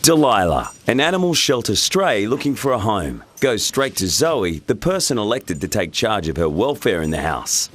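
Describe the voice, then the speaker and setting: A man's voice: on the low side, big pitch swings, moderate pace, hardly any pauses, fairly bright tone, slight background noise. A man narrating a reality show in a dry, wry scripted delivery. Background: music bed.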